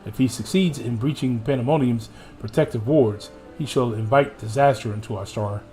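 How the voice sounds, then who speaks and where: A man's voice: medium pitch, normal speed, dark tone. A male gaming streamer reads the story dialogue aloud with dramatic emphasis. His voice sits in an ordinary middle register. He breaks off now and then for playful asides to his viewers, over faint game music. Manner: theatrical reading, playful asides to chat.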